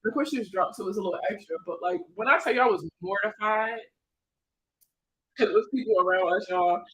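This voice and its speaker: A woman hosting a casual livestream, telling stories in an animated, slangy way and laughing often. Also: mid-range voice, fast talker, echoey room, poor audio. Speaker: financial educator hosting a livestream.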